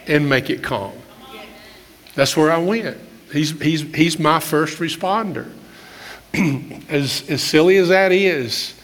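An older man, a pastor, preaching a conversational sermon with candid stories, often clearing his throat and restarting phrases. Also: a little high, fairly bright tone. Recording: long reverb of a large hall.

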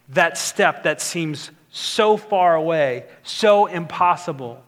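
A man's voice: on the high side, expressive, slow pace, few pauses, fairly bright tone. A man preaching a sermon as pastor, earnest and building to emphatic exhortation.

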